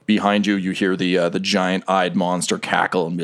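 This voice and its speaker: A man narrating a tabletop game as game master, in a relaxed, halting way with fillers and swearing. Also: deep voice.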